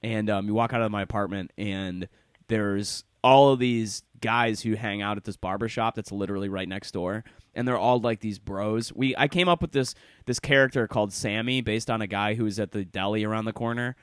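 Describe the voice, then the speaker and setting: A man co-hosting a podcast in casual chat, animated and profane, who slips into character voices as he talks. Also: lowish voice, moderate pace, clean tone, no room sound, studio quality. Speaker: podcast co-host.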